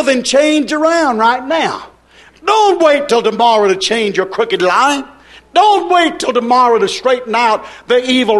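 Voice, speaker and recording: A man preaching a sermon in an emphatic, repetitive cadence, breaking into shouts. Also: very high voice.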